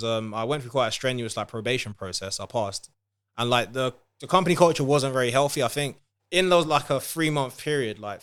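A man's voice: mid-range voice, clear, resonant tone. A man, a podcast guest and author, talking casually with lots of "like" and "um". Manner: relaxed, many fillers like "like" and "um". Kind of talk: casual interview chat.

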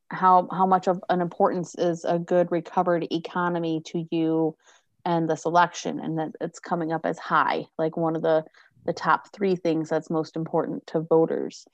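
A woman's voice: lowish voice, a little mellow, no echo, muffled recording. A woman co-hosting a podcast, posing a question to the group with hesitant fillers. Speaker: podcast co-host. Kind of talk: casual discussion.

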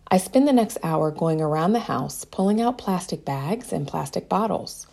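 Gravelly-voiced woman reading a story. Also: on the low side, animated, moderate pace, hardly any pauses, warm tone. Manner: first-person storytelling as a young girl. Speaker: narrator. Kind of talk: reading a children's story aloud.

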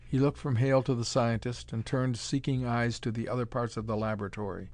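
A man reading a pulp adventure story aloud in a dramatic, measured narration. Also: medium pitch, fairly even intonation, a little mellow, no echo.

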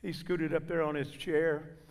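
This guest preacher's sermon testimony comes in a flat delivery at a measured pace, his voice slightly higher-pitched than most men's. He recounts his story with feeling and slips into the voices of people he quotes, all echoing with the long reverb of a big church hall.

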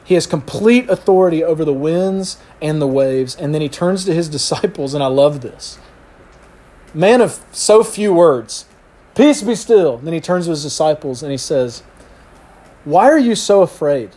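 Pastor, middle-aged man with a fairly high voice, animated sermon delivery that acts out quotes. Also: moderate pace. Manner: animated storyteller acting out quotes.

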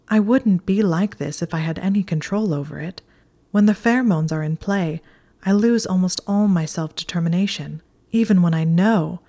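A woman's voice: lowish voice, dark tone, close to an everyday voice. A woman voicing a clever, flustered young witch, speaking anxiously and earnestly in whispered role-play.

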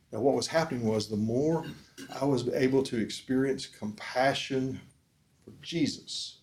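At a moderate pace, a man with an ordinary mid-range voice preaches earnestly at a discipleship forum, with a little hiss or hum in the recording. He relies on call-and-response questions to listeners, alternating loud emphasis with soft, quiet lines.

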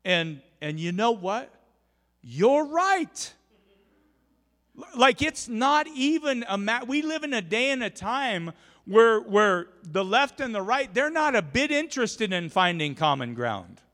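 A man's voice: extremely high pitch, expressive, moderate pace, fairly bright tone, big-room sound. A male pastor delivering an emphatic, storytelling sermon full of restarts, recorded in a church. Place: church sanctuary.

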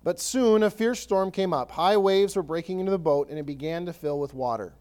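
A man preaching a sermon as pastor, conversational and animated, often restarting his sentences and acting out scripture. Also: high voice, brisk, smooth.

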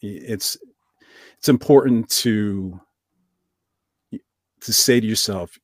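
A man on a podcast telling a story casually, with lively swings in his voice. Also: lowish voice, slow, dry recording, studio quality. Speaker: podcast guest.

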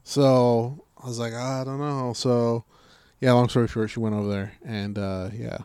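A man's voice: mid-range voice, moderate pace, clean tone, no room sound, clean studio sound. A man telling a story in casual chat, swearing freely and acting out what people said. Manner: profane, animated storytelling with acted-out quotes.

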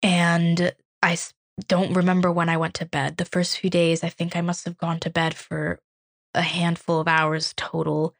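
A young woman from Ukraine, a podcast host, telling a personal story in an earnest, reflective way with halting restarts. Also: on the low side, monotone, dry recording.

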